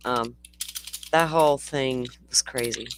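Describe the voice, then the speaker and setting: A host giving quiet, apologetic asides during a live stream. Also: medium pitch, slow, slight background noise.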